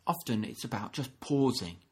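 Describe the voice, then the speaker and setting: A man giving a gentle, reflective sermon, often restarting phrases and acting out short quotes. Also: medium pitch, lively intonation, normal speed, husky. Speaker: minister.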